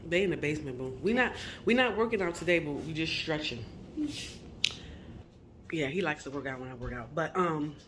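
A woman's voice: deep voice, animated, brisk, long pauses, fairly bright tone, slight background noise. A woman in her forties, a mother of two, casually chatting to her viewers in a home vlog, easygoing and full of y'alls and ums.

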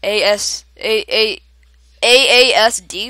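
A young woman giving excited gameplay commentary, often shouting at other players and laughing. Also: medium pitch, slow, dry recording. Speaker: gamer.

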